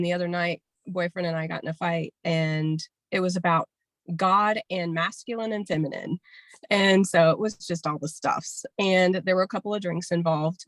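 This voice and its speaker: A woman with a fairly low voice tells a frank personal story over a video call. The sound is dry and close, without room echo, and her telling is chatty and open. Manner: candid, storytelling, laughs often. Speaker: workshop participant.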